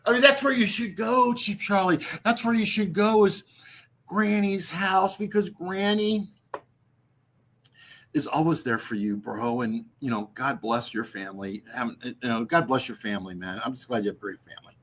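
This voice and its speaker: A man's voice: a little high, moderate pace, fairly bright tone, slight background noise. A man doing ranting livestream commentary, mocking and profane, repeating himself and swearing freely. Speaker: streamer.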